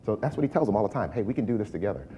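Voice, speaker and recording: Racing along in a fairly low voice, with a little hiss or hum on the recording, a man guests on a talk show. He spins stories in casual chat, livening up whenever he acts out people's quotes.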